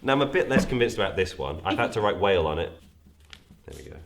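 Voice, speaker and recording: A man's voice: low voice, sing-song, quick pace, creaky, slight background noise. A man co-hosting a casual youth-group video, joking and punning in a dry way. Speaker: co-host. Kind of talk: casual chat.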